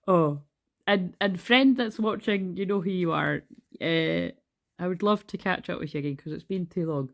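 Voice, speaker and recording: A woman's voice: on the low side, normal speed, creaky. A woman giving a casual, rambling tarot card reading, laughing and swearing freely as she talks. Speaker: tarot reader.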